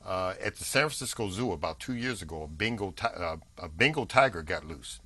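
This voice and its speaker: A man's voice: low voice, animated, brisk, pushed and bright. A man hosting a talk show, chatty and eager, pressing his guest for stories. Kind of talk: casual interview chat.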